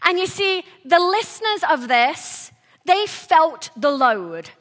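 Woman pastor, sermon; high, bright voice, earnest and tender, lively asides. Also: slow pace. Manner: earnest, soft-spoken with animated bursts and restarts.

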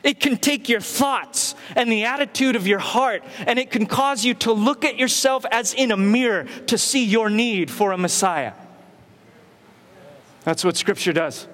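A man's voice: high voice, measured pace, fairly bright tone, long reverb tail. A man preaching a sermon as pastor, with emphatic rhetorical questions and repetition. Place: church sanctuary.

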